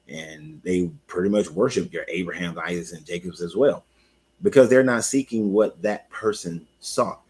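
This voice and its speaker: A man with a deep voice and a husky edge talks in a loose, conversational ramble. He hosts a live stream and greets viewers by name between thoughts. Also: a little mellow. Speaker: spiritual coach and host. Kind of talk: live-streamed Bible commentary.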